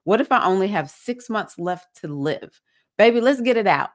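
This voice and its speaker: Southern lady leading a women's circle livestream, preachy and excitable. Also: medium pitch, normal speed. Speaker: spiritual circle host. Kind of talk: livestream talk to a women's group.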